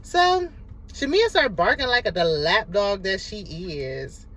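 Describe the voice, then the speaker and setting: A woman's voice: mid-range voice, slow pace, low-quality recording. Sassy woman recapping reality TV. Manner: sassy, animated, talks back at the cast. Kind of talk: casual show recap and commentary.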